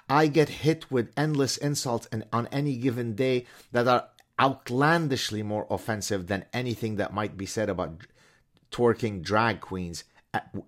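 A man hosting his own show, giving a sarcastic, animated commentary monologue full of mocking asides. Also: medium pitch. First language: French. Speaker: host.

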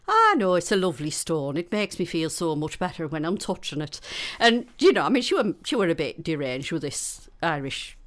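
A woman's voice: low-pitched, big pitch swings, moderate pace, few pauses. A woman, a stage actress chatting in an interview, rambling and laughing often. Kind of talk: casual interview chat.

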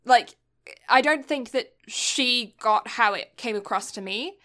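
A woman's voice: on the high side, a little slow, pushed and bright. A young woman from Britain telling a long story in casual chat, rambling with lots of fillers and getting exasperated.

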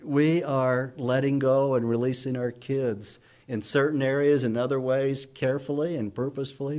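A man's voice: medium pitch, darkish tone. A man preaching a sermon as pastor, reading scripture aloud with emphatic, questioning delivery. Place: church sanctuary.

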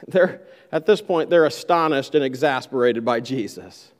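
A man's voice: mid-range voice, normal speed, in a large hall. A man preaching a sermon, who acts out the disciples' complaints in a raised voice. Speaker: pastor.

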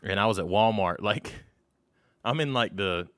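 A man's voice: fairly low pitch, normal speed, no room sound, studio quality. A man, co-hosting a podcast and telling stories over drinks, laid-back and swearing freely, often laughing. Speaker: podcast co-host. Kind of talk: casual storytelling over drinks.

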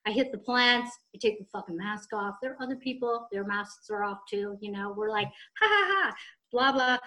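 Woman, snarky profane storyteller, high and bright, casual podcast chat.

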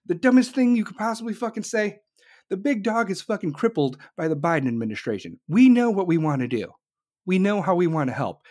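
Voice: medium pitch, big pitch swings, fairly quick, a little mellow. A commentator delivering an angry, blunt political rant full of swearing.

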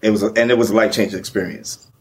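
A man's voice: fairly low pitch, rapid-fire. A man telling a long personal story in casual, profane podcast chat. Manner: profane, animated storyteller, repeats "you know what I'm saying". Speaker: podcast guest.

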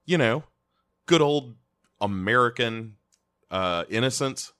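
A man co-hosting a podcast in casual chat, deadpan and rambling with lots of fillers. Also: mid-range voice, slow pace, smooth. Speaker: podcast co-host.

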